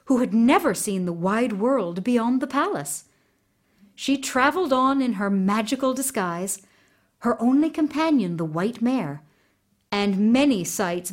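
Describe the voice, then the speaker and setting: A woman reading a fairy tale aloud, her fairly high voice rising and falling with great expression. She takes her time, unhurried and expressive. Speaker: storyteller.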